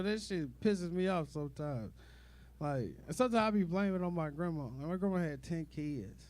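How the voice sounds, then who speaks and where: A man's voice: a little high, lively intonation, normal speed, darkish tone. A young man doing a rambling, profane stand-up comedy set, full of fillers and asides to the crowd.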